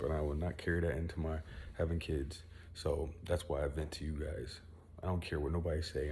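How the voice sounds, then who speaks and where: A young man with a deep, mellow voice vents straight into his phone at home. He rambles, boasts about himself and swears as he goes. Faint room noise hums behind him. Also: gravelly. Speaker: vlogger. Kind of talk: casual venting monologue.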